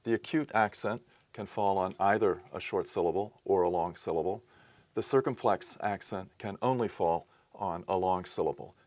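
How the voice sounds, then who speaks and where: A man with a fairly low voice gives a recorded lesson. He explains step by step in a methodical, patient way, with the odd small self-correction. The sound is dry and close to the mic. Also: a little mellow, no echo. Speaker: teacher. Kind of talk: recorded lecture.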